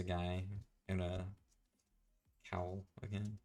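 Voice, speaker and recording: A man's voice: low-pitched, fairly even intonation, moderate pace, gravelly. A man giving an offhand, rambling commentary as he flips through his sketchbooks. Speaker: artist streamer.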